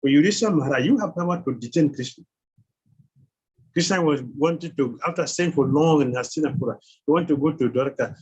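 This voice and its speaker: Man, spiritual teacher, husky voice, animated questioning, chuckling lecture style. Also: on the high side, brisk, lo-fi sound. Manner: animated, quizzes the class with rhetorical questions. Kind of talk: scripture class lecture.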